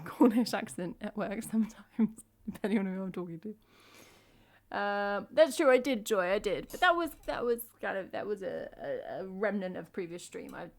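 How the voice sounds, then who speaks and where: Woman, 30s, English accent with dropped T's, casual livestream chat, mid pitch. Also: creaky. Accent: English, drops T's. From England. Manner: chatty, self-mocking, rambling asides. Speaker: streamer and singer-songwriter.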